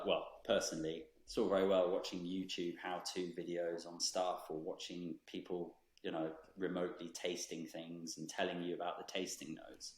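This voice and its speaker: A man, a brand founder speaking as a guest in a podcast interview, thoughtful and measured with frequent ums. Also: low voice, reverberant.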